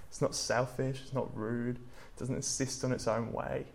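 A man's voice: mid-range voice, measured pace, gravelly, a little mellow. A young man from England giving a casual sermon, chatty and full of fillers as he tells stories. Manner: chatty, many "like" and "um" fillers, storytelling. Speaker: preacher.

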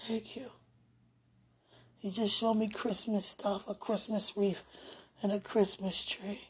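A woman talking aloud in a casual, rambling way, drifting between hushed and loud. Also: medium pitch, little pitch movement, takes it slowly, slightly rough. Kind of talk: casual spoken prayer and chat.

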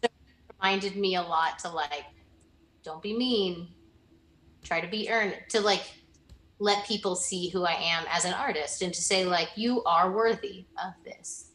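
A woman's voice: fairly low pitch, normal speed, long pauses, a bit bright, reverberant. A young woman in a casual interview, talking earnestly about past mentors and often restarting her sentences. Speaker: interviewee, former student.

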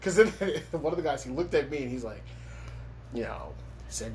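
Laughing, animated young man telling a story. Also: fairly high pitch, moderate pace, a little hiss or hum. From Los Angeles, USA. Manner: animated storytelling, laughs often, swears freely. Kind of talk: casual podcast chat.

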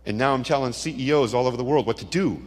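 A man's voice: mid-range voice, fast. A middle-aged man giving a dramatic testimony sermon, telling stories with punchy asides. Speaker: Christian speaker. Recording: long hall reverb.

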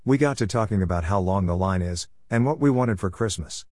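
A man's voice: low-pitched, animated, a little fast, darkish tone, dry recording, studio quality. A man narrating a personal story in the first person, in a reflective, wistful way.

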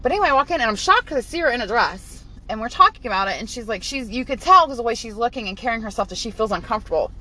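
A woman's voice: fairly high pitch, animated, racing, sharp tone, low-quality recording. A woman in her thirties, co-hosting a casual podcast and telling stories in a blunt, profane way, laughing often. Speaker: podcast co-host.

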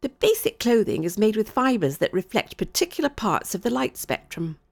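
A woman voicing a patient, helpful female android guide who explains things gently. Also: medium pitch, big pitch swings, moderate pace, vocal fry. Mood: explaining.

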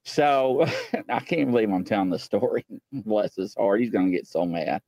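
A man's voice: lowish voice, moderate pace, no room sound. A man hosting a paranormal talk show, telling a story in casual chat, laughing as he goes and acting out the quotes. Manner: animated storyteller, laughs mid-sentence, acts out quotes.

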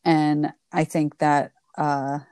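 A woman's voice: low-pitched, flat delivery, slow pace, dark tone, no echo, studio quality. A woman in her forties hosting a casual interview chat, agreeable and prone to restarts. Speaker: podcast host.

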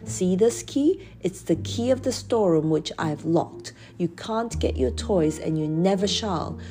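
A woman's voice: fairly low pitch, animated, unhurried, warm tone. A woman reading a storybook aloud and voicing a stern, bad-tempered male schoolmaster who blusters indignantly. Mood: gloating.

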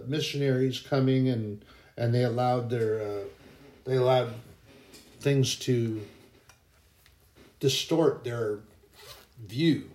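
A man's voice: medium pitch, darkish tone. Rambling man talking in a roomy space. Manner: rambling, anecdotal, with frequent self-corrections. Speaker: podcast host. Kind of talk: casual faith podcast monologue.

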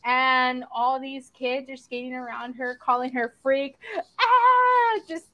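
A woman's voice: high-pitched, unhurried, dry recording, highs cut off. Chatty young woman with a dry close sound. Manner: chatty, swears casually, lively storytelling. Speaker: podcast co-host. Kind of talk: casual chat recapping a series.

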